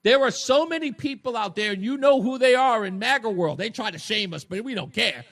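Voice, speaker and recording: A man hosting a talk radio show, delivering a mocking, combative political monologue that swings between shouting and low taunts. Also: animated, fairly quick.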